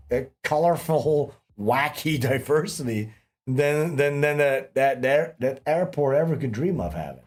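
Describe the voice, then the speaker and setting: A man's voice: a little high, expressive, measured pace, darkish tone. A man hosting a livestream, telling long, rambling stories with lots of swearing, in casual chat. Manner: rambling, profane storytelling. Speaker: livestream host.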